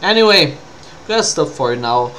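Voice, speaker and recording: A man's voice: on the high side, sing-song, unhurried, bright, forceful tone, a little hiss or hum. A man with a French accent giving casual, rambling commentary over gameplay, sounding tired. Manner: rambling, with trailing fillers. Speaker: streamer.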